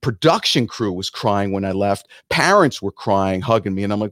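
A middle-aged man talks with animated swings in pitch, preaching about facing fear and acting out little quotes in other voices. His voice is recorded close and dry, with no room sound. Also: moderate pace, few pauses, no room sound. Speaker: podcast guest, musician. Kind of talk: motivational interview talk.

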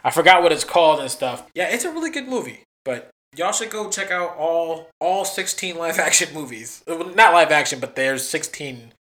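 A man's voice: a little high, normal speed, hardly any pauses. A man chatting on a casual podcast, answering quiz questions with lots of laughter and slang. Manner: excitable, laughs often, slangy. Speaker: podcast co-host, quiz contestant.

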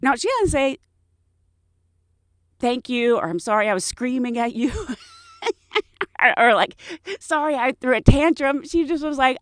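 A flight attendant woman recounts stories from her flights. Her high voice swings widely as she acts out passengers. The recording is dry and close. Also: unhurried, long pauses, no echo. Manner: animated, mimics passengers in high bursts. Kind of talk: casual storytelling.

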